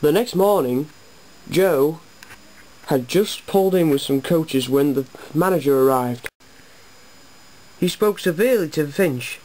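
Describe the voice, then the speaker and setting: A narrator reading a homemade storybook tale about engines, halting with occasional restarts. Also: mid-range voice, animated, darkish tone, a little hiss or hum, rough recording.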